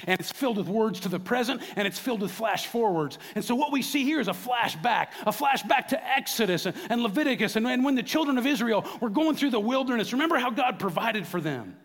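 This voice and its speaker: Middle-aged male pastor, fervent sermon delivery, swings from hushed to shouting, reverberant hall. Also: high voice.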